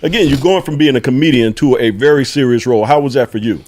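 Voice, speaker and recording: A man's voice: mid-range voice, fast talker. Man asking interview questions. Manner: short prompting questions and quiet listening sounds. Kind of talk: interview questions and brief backchannels.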